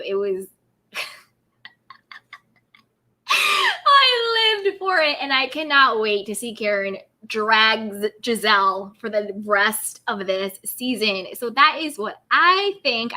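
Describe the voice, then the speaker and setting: Bright, gossipy woman hosting a live stream. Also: mid-range voice. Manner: gossipy and chatty, hedging everything as alleged; animated, laughs often. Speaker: host of a live-streamed reality TV recap. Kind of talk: live-stream commentary, reading viewer comments.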